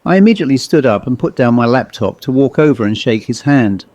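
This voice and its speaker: A man from England reading his own ghost story in a measured, reflective audiobook narration. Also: mid-range voice, animated, a little mellow, dry recording. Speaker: author and narrator.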